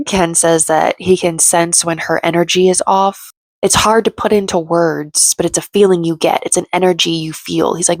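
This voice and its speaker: A woman talks through a reality show episode as a casual recap host, chatty and opinionated, acting out the quotes as she goes. Her voice sits a little low and carries a gravelly fry. The sound is dry and close, with no room around it. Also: dry recording.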